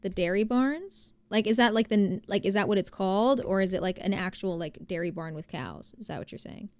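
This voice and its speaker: A young woman from New Jersey chats with her stream viewers in a loose, rambling way, full of "like"s and tangents. Her voice sits at an ordinary middle pitch and is recorded close and dry. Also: brisk, darkish tone, no room sound. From New Jersey, USA. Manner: chatty, rambling with many fillers. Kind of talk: casual chat reading viewer messages.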